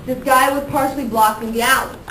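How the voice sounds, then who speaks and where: High-voiced woman teacher, echoey classroom. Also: steady tone, fast, fairly bright tone. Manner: chatty, worked-up storytelling, acts out her own reactions. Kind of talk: telling a story to a class. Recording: echoey classroom from far off, noisy.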